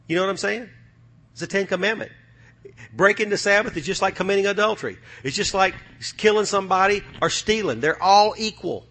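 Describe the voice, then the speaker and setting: Forceful, bright-voiced male preacher. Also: fairly high pitch. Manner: emphatic, rallying with repeated calls to the congregation; poses rhetorical questions to the congregation. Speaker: pastor. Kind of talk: preaching a sermon.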